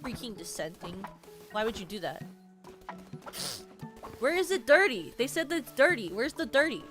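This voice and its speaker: A young woman streaming a game, commenting excitably with loud yelps and panicked repeats. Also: on the high side, normal speed. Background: game music.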